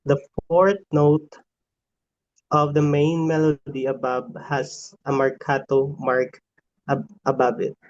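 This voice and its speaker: A man's voice: a little high, little pitch movement, slow, no room sound. A man carefully reading music definitions aloud in a lesson. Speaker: student reader. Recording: dry, dull lo-fi sound.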